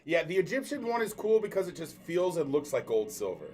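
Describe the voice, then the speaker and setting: A man's voice: fairly high pitch, big pitch swings, fairly quick, a little mellow, faint music behind. A man hosting a casual livestream, talking straight to viewers and keeping the giveaways moving. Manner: upbeat, addresses viewers directly, keeps things moving. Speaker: livestream host running giveaways.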